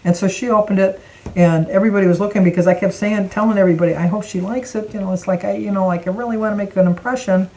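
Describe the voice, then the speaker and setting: A woman's voice: mid-range voice, fast, a little hiss or hum, rough recording. Older woman telling a family story. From Michigan. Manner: animated, acts out quoted voices. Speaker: vlogger. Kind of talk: casual storytelling.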